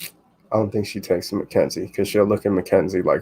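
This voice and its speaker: A man co-hosting a casual podcast about fights, talking in an animated way with quick asides and some swearing. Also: deep voice, husky. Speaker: co-host.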